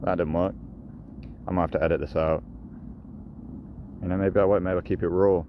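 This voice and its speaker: A man with a very low voice chats casually through an outdoor vlog by a pond, rambling from joke to joke. Traffic and street noise sit clearly behind him in the recording. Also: fairly even intonation, moderate pace, dull audio. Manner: rambling, jokey, talks to the ducks. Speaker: vlogger. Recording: noisy outdoor street sound.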